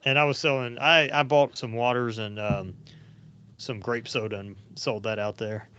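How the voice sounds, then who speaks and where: In casual podcast chat, the host wanders through anecdotal stories, using lots of fillers. He speaks at a moderate pace in a mid-range voice that is steady, pushed, bright, and clean, though the dry recording sounds dull and lo-fi.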